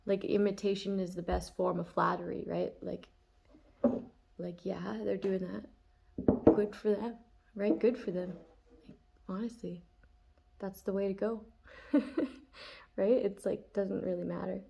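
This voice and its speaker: A woman's voice: mid-range voice, fairly even intonation, unhurried, creaky, long pauses, mellow, husky, highs cut off. A woman giving a casual, chatty tarot reading, laughing often and full of fillers. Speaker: tarot reader.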